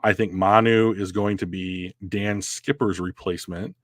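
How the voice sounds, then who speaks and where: A podcast co-host chats casually from home, rambling with plenty of fillers and restarts. He has a deep voice with fairly even intonation and a moderate pace, recorded with clean studio sound and no room echo.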